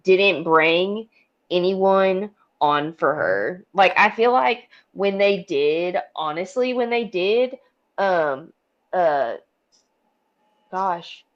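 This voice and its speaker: A woman's voice: lowish voice, animated, drawn-out words, dull audio. A woman in casual podcast chat who swears freely and laughs often. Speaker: podcast co-host.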